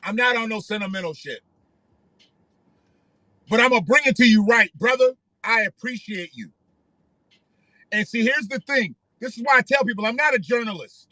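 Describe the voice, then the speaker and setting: High, sharp-voiced man ranting casually. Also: expressive, normal speed, pauses often, no echo. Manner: rambling, profane, repeats himself. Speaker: livestream host. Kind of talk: casual live-stream commentary.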